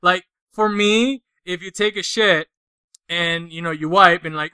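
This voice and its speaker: A man's voice: high voice, a little slow, bright, forceful tone, clean tone, no room sound. A man, co-hosting a podcast in casual, crude, joking chat, swearing often. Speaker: podcast co-host.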